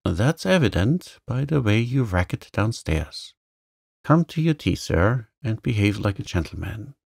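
A man voicing a gruff, stern old gentleman who is kind underneath, speaking abruptly in short sharp questions. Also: fairly low pitch, very animated, measured pace, dry recording, studio quality, full character voice. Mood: brusque.

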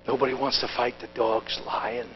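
A man preaching a Pentecostal sermon at a conference. He talks in a folksy, plain-spoken way and swings from hushed asides to shouted exhortation. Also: medium pitch, little pitch movement, moderate pace, dull audio, slight background noise.

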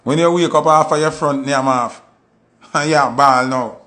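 A man with a Jamaican Patois accent, telling stories in a casual monologue and acting out quoted voices with sudden high jumps. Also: unhurried, sharp tone. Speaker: commentator.

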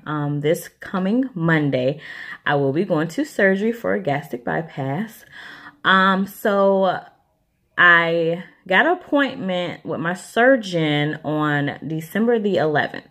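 A woman's voice: on the low side, lively intonation, takes it slowly, fairly bright tone. A woman, chatting casually to camera as a vlogger, rambling with lots of ums.

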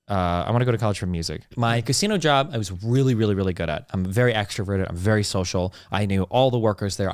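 A man rattles off stories at a rapid clip, cursing freely and hammering his points home. His voice sits on the low side and comes through dry and close on the mic, with no room around it. He sounds like a guest on a casual podcast. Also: smooth, no echo. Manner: fast, ranting, heavy swearing. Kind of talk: casual storytelling, profane and emphatic.

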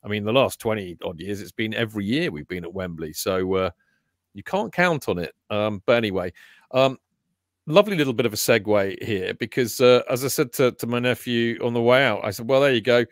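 A man co-hosting a football podcast in casual chat, chatty with quick jokey asides. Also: lowish voice, no echo, clean studio sound. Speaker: podcast co-host.

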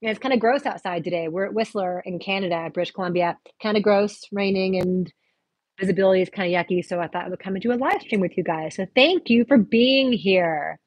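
A woman with a light Texan accent hosts a casual movie review livestream, chatting and answering viewer questions from the comments on her phone. Recorded on a phone set on a tripod, her medium-pitched voice runs a little fast, and the sound is dry.

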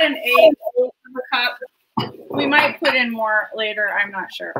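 A woman's voice: a little high, unhurried, sharp tone, low-quality recording. A woman hosting a home cooking show from her kitchen, chatting in a rambling, enthusiastic way about the food as she cooks. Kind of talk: casual cooking chat.

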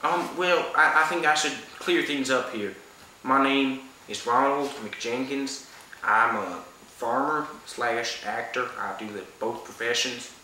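A man plays a touchy, self-important Southern farmer who fancies himself an actor, drawling and rambling through a sketch interview. The voice is sharp and very bright, caught in a roomy echo with faint hiss behind it. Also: mid-range voice, measured pace. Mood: pompous.

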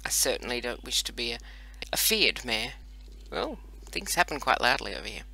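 A woman's voice: extremely low pitch, big pitch swings, moderate pace, few pauses, sharp tone, breathy edge, poor audio. A woman hosting casual gameplay commentary, rambling and chatty with self-mocking asides, recorded on a computer microphone. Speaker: host playing a browser strategy game.

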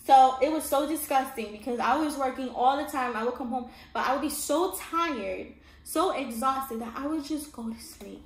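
A woman's voice: high-pitched, moderate pace. A woman telling her own story in a casual storytime monologue, emphatic and often checking in with her listener. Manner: emphatic, keeps checking in with "all right?" and "okay?". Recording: echoey room with faint background hum.

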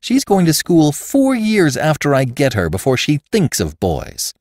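A man's voice: on the high side, wildly swooping pitch, unhurried, a little mellow, no echo, clean studio sound, pitched above the performer's own voice, exaggerated voice. A man voicing an anxious, indignant older aunt in a storybook reading. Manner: pleading, indignant questions. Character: anxious older aunt, gray-haired woman.

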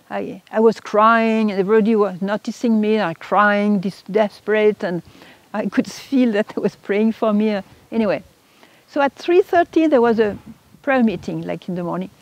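A woman's voice: medium pitch, a little mellow, no room sound. A woman, a religious sister, telling her personal testimony in an emotional, earnest way. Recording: dull lo-fi recording.

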